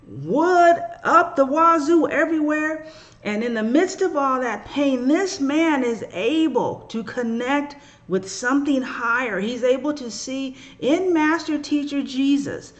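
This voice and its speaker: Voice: medium pitch, a bit bright, highs cut off. A spiritual reader and podcaster giving a casual, emotional teaching monologue and acting out biblical figures in slangy voices.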